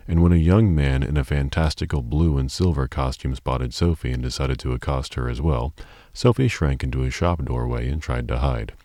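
Very deep-voiced male audiobook narrator. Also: normal speed, mellow, no room sound, clean studio sound.

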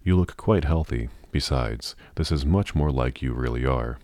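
A man's voice: very deep voice, normal speed, darkish tone, no echo. A man reading a plain-spoken young hatter. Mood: calm, practical. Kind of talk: storybook reading.

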